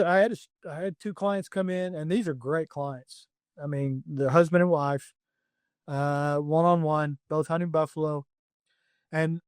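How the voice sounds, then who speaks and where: Man, middle-aged, professional hunter, plainspoken, blunt, filler-heavy, fairly high voice. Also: dry recording, clean studio sound. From United States. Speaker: professional hunter and safari outfitter. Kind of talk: podcast interview storytelling.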